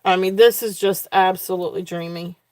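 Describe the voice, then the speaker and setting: A woman's voice: lowish voice, steady tone, fairly quick, no echo. A woman hosting a live jewelry sale, talking casually and gushing over each piece, repeating her praise with plenty of ums and restarts. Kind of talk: casual live-stream selling.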